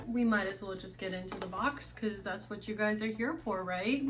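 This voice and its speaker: A woman's voice: medium pitch, normal speed, over music. A woman with a Russian accent chatting casually through a makeup box unboxing, rambling with lots of fillers. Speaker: beauty vlogger.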